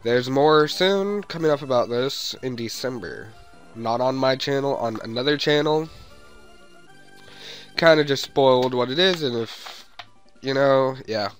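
Rambling, playful young gaming host. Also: male voice, medium pitch, lively intonation, measured pace, faint music behind. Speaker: let's play host. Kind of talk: let's play commentary.

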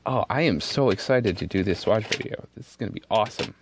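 A man hosting an ink swatching video, talking casually and excitably at his desk, swearing freely and switching between loud outbursts and muttered asides. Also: lowish voice, quick pace, gravelly, noisy background. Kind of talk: casual narration while swatching inks. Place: at a desk indoors.

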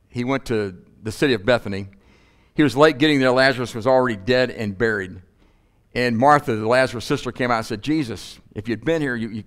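Male pastor, mid-pitched, animated delivery with rhetorical questions. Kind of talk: sermon. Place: church.

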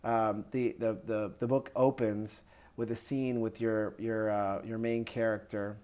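A man's voice: lowish voice, little pitch movement, unhurried, mellow, clear, resonant tone. Polite male interviewer. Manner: polite, admiring questioner. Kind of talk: interview questions.

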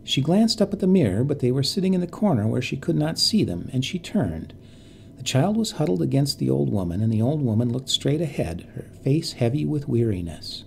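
A man reading a bedtime story in a calm, measured narration. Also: medium pitch, creaky, a little hiss or hum.

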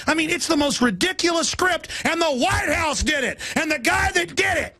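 A man's voice: extremely high pitch, expressive, normal speed, sharp tone, dry recording, studio quality. A man hosting a radio talk show, delivering a fiery political monologue, ranting and mocking opponents. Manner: ranting, mocking, shifts into impressions.

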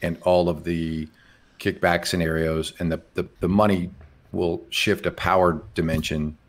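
Male host, lowish voice, casual and eager, restarts phrases a lot when excited. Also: measured pace. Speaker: podcast host. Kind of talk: casual interview chat.

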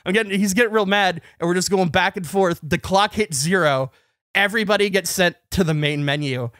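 A man with a high, light voice tells a story on a podcast, getting animated as he acts out both sides of an argument. The sound is dry and close. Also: a little fast, no echo. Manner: animated, acts out shouting matches. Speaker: podcast co-host. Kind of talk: casual storytelling.

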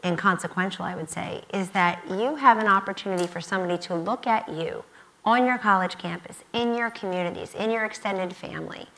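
Poor audio captures a woman in her fifties with a medium-pitched, fairly bright voice. As a guest speaker on a university stage at a student conference, she speaks emphatically and keeps repeating key phrases.

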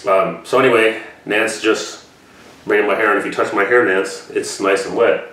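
A man's voice: on the low side, fairly even intonation, normal speed, fairly bright tone. A man hosting a reaction video, telling a rambling story to camera with heavy swearing. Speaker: reaction channel host. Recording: echoey room from far off.

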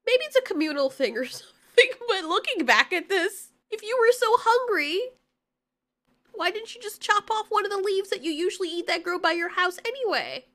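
A woman talks through a cartoon film recap in a sarcastic, joking way. Her voice is very high and bright. She keeps it casual, like chatting to viewers. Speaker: video reviewer.

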